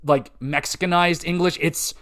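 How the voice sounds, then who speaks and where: Talking at normal speed, a young man hosts a casual podcast in a fairly high voice. Excitable and meandering, he swears liberally and relies heavily on filler words.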